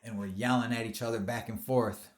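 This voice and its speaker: A man's voice: medium pitch, fairly quick. A man in his thirties hosting a podcast, telling profane stories in casual chat and acting out the voices in them. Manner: profane, animated storyteller who acts out quotes. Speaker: podcast host.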